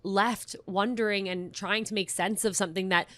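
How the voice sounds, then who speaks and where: A woman hosts a podcast in a casual, reflective tone, talking through feelings with empathy. Her pitch is middling and steady. The recording is dry and close. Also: moderate pace, dry recording. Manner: empathetic, reflective, reacts with short interjections. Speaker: podcast host. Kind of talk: casual chat.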